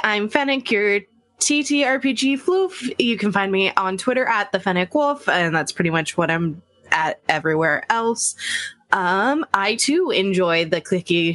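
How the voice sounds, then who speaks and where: Excitable lady player, voice all over the place, dry close mic. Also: fairly low pitch, dry recording. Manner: bubbly, excitable.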